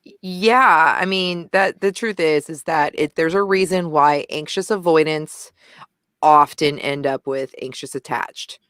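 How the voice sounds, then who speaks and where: A woman's voice: low voice, unhurried, fairly bright tone, smooth, no echo, clean studio sound. A woman co-hosting a casual discussion, talking intensely and animatedly and often restarting her sentences. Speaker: podcast co-host.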